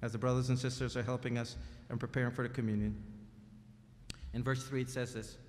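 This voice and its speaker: A man preaching a sermon in a church, emphatic and lively, moving between loud appeals and hushed moments. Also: medium pitch, brisk. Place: church sanctuary. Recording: long church-hall reverb.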